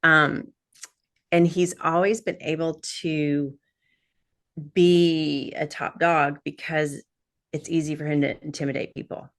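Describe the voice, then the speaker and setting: Guest, middle-aged woman: low gravelly voice, rambling anecdotes. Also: level tone, slow. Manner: rambling storyteller with frequent fillers and laughs. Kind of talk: casual chat.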